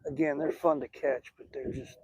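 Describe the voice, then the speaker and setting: Chatting folksily and rambling as he talks to fish and viewers, an older Southern American man hosts a live fishing stream from a small boat out on a lake. His voice is on the high side, husky and darkish in tone, with fairly even intonation at normal speed. The phone recording is low quality, with no echo.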